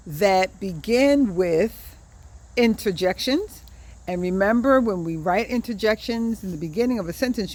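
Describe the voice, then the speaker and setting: A woman teaching a preschool lesson outdoors, reading in a slow, exaggerated, expressive way for small children. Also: medium pitch, rough recording. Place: outdoors by a wet board.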